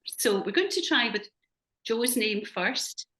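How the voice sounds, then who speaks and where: Woman, Scottish accent, workshop facilitator, gentle measured delivery, video call. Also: fairly high pitch, expressive. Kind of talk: leading a group exercise on a video call.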